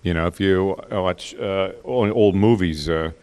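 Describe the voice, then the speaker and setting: A man on a convention panel, a voice actor speaking reflectively and slipping into quick character voices. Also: sits low, darkish tone. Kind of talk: relaxed panel talk.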